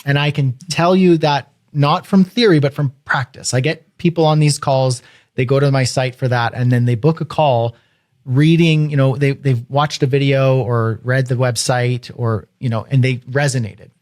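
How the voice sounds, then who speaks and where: A man co-hosting a podcast, talking in an energetic, emphatic way. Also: medium pitch, moderate pace. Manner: energetic, emphatic, acts out quotes. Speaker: podcast co-host. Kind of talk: casual podcast chat.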